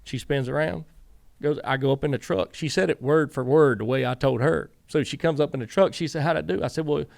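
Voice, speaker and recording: A middle-aged former racing crew chief with a Southern US accent guests on a casual interview, rambling through long stories and quoting himself and others. His gravelly voice is a little high and brisk, and the clean studio recording has no room sound.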